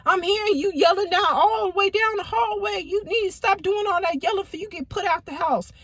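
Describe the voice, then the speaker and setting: A startled older mother with a shrill, high voice, as a woman storyteller puts her on. She fires off rapid questions in a squeaky, rising tone. The sound is close and dry, with no room around it. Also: a bit bright, no echo. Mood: alarmed.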